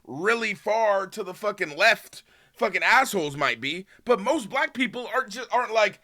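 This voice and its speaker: A man streaming and reacting to a video in a heated, casual rant, swearing often and swinging between loud outbursts and low muttering. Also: big pitch swings, moderate pace. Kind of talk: casual ranting commentary.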